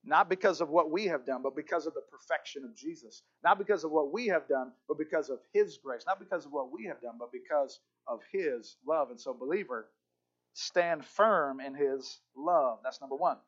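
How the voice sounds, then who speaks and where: A man's voice: on the high side, moderate pace, fairly bright tone. A male pastor preaching a sermon with emphatic repetition and occasional stammered restarts. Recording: dull lo-fi recording.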